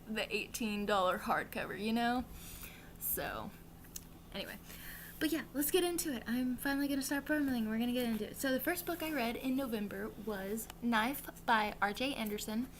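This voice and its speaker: A woman's voice: fairly high pitch, slight background noise. Chatty young Southern woman, rambling. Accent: Southern American. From American South. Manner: chatty, rambling, lots of likes and ums, swears for emphasis. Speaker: book vlogger. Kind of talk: casual reading wrap-up chat.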